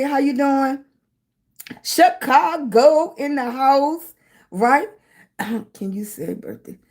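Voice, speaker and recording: A woman's voice: medium pitch, a little mellow. A middle-aged woman hosting a casual live stream, chatting with viewers and greeting them with pet names like baby and sweetie. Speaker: livestream host.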